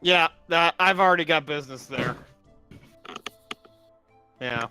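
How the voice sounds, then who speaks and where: A man plays a tabletop game, joking around and breaking into loud outbursts. His voice is very bright and crisp, with a fairly high pitch. The sound is dry, with faint music behind. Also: measured pace, no room sound. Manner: jokey, bursts into loud outbursts. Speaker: player. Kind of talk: casual tabletop play.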